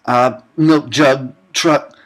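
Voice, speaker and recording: A young man giving a sarcastic, deadpan comedic recap of a film, dropping quick asides and snippets of characters' lines. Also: mid-range voice.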